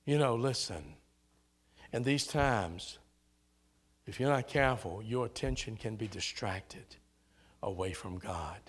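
Speaking slowly with frequent pauses, this male pastor has a low, slightly rough voice and a Southern American accent. He preaches rousingly in a church sanctuary, calling out to the congregation and shouting the key lines.

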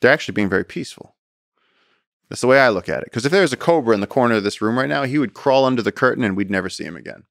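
An American man in his thirties, a podcast guest telling stories in casual conversation, animated, acting out quotes, with many fillers. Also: mid-range voice, very fast, vocal fry, no room sound, clean studio sound. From United States.

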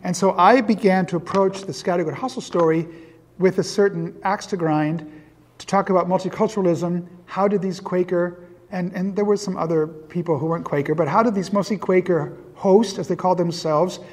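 A high-voiced man in his fifties from Iowa gives a lecture and wanders off into personal asides. He mocks his own younger mistakes with easy humor. His voice carries a long reverb from a large hall. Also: moderate pace, a little mellow. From Iowa, USA. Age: 50s. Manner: self-deprecating, digressive storyteller. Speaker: guest lecturer. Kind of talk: public lecture with personal anecdotes.

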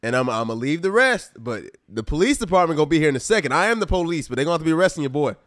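A gaming YouTuber with a slightly high male voice talks very fast, giving casual let's-play commentary on a life-simulation game. He's animated and exasperated, addressing his viewers directly as "y'all." The recording is clean studio sound with no room sound.

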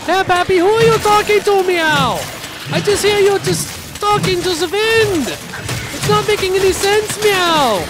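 A man's voice: very high voice, animated, measured pace. A man voicing a puzzled male cat companion who tacks meow onto his lines. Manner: tacks on meow, Germanic titles.

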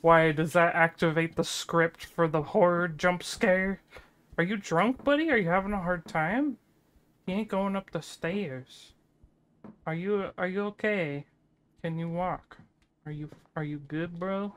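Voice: medium pitch, unhurried, long pauses, fairly bright tone. A gaming channel host talking through a horror game playthrough, chattering nervously and breaking into panicked yelps.

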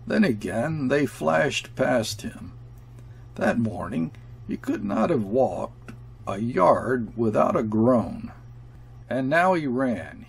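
A male audiobook narrator reading a classic story in a measured way. His voice is husky and gravelly, and he takes his time over each phrase. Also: medium pitch.

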